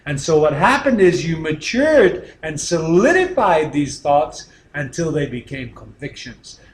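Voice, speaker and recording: A man giving a motivational teaching talk, emphatic, often dropping to a quiet voice for effect. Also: a little high, sing-song, measured pace, reverberant. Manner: emphatic, with dramatic drops to a quiet voice. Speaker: speaker teaching a session.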